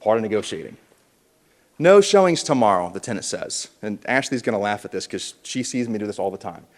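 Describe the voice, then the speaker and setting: A keynote speaker fires up a realtors conference with a punchy motivational speech, getting listeners to call back to him. His lowish voice is animated and fairly quick, ringing through a large, reverberant indoor hall.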